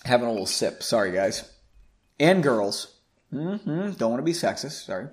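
Animated man reading his own story. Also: mid-range voice, normal speed. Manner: animated, chatty, self-commenting. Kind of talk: story reading with casual asides.

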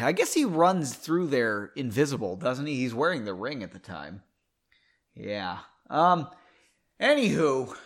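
A man reading his own novel aloud, stopping for rambling, self-deprecating asides. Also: medium pitch. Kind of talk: audiobook reading with casual asides.

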